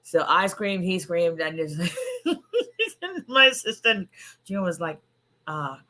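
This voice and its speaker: A hoarse woman immigration attorney on a casual livestream, chatting and greeting viewers by name. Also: medium pitch, sing-song, slow, bright, forceful tone. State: hoarse, voice nearly gone.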